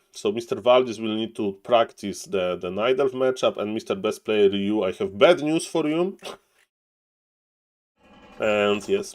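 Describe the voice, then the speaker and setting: A man with a Polish accent and Polish as his first language, commentating a strategy game live and chatting with viewers, excitable, with bursts of mock outrage and frequent laughs. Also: lowish voice. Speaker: game caster and streamer. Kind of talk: live esports commentary and chat.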